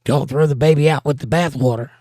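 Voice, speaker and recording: A hoarse man hosting a casual livestream, reading chat comments aloud and joking around. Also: fairly high pitch, steady tone, quick pace, mellow, no echo, studio quality. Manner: joking, playful banter.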